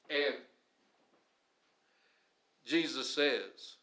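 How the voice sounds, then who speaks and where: Male pastor, sermon delivery, emphatic with quiet drops; voice sits a bit high; echoey room. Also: extremely slow, long pauses. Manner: emphatic, swings between loud stresses and low quiet phrases.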